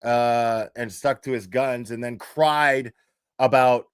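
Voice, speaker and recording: A man's voice: mid-range voice, steady tone, slow, clear, resonant tone, no echo, studio quality. A man hosting a livestream, talking casually in a profane, mocking rant. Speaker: streamer host.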